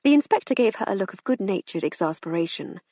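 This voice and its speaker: A woman reads scripted narration for an audiobook, wry and measured. Her voice is husky, with a lively range, and sits dry and close to the mic. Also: mid-range voice, dry recording.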